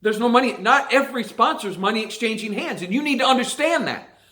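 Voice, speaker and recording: A man's voice: extremely high pitch, expressive, brisk, sharp tone. A man delivering a long emphatic rant to viewers about dirt track racing, repeating phrases for stress. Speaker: racing vlogger. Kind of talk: ranting monologue to viewers.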